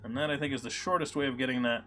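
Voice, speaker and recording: A man's voice: medium pitch, fairly even intonation, racing. A man hosting a live coding stream, thinking aloud with many fillers and answering chat. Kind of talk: casual live-coding commentary. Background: soft background music.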